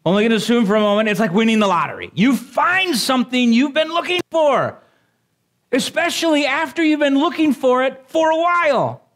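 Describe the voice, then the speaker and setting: A man preaching a sermon to a congregation. He makes joking asides to them and builds up to excited exclamations. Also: very high-pitched, brisk. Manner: animated, rising to exclamations. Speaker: pastor.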